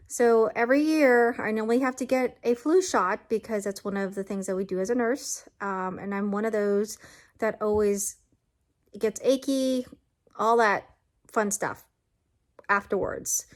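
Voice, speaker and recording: A woman talking casually to camera in a vlog, tired and achy, earnest and upbeat in a chatty way. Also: on the high side. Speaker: vlogger.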